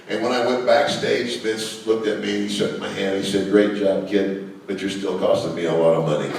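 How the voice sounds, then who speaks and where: Deep-voiced older man telling stories in an echoey hall. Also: gravelly, slight background noise. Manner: chatty anecdotal storyteller, many fillers. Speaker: guest speaker. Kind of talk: storytelling to a live audience. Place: large hall with a live audience. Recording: echoey hall, mic from far off.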